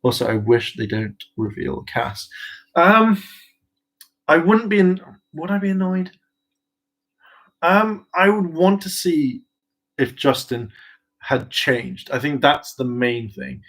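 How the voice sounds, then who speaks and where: A YouTuber with a fairly high, slightly bright voice chats casually about a TV franchise in a fan vlog. He speaks slowly with frequent pauses, rambles and hesitates with lots of fillers and restarts, and sounds eagerly enthusiastic, laughing often.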